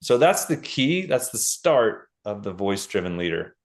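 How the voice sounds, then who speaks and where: A middle-aged man, a guest author explaining ideas in a casual interview with lists and quick examples. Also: lowish voice, sing-song.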